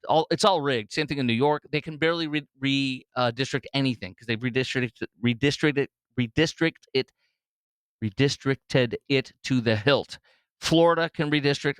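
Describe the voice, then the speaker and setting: Smooth-voiced male political talk host. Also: mid-range voice, a bit bright, dry recording. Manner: rambling, heavy with fillers and restarts.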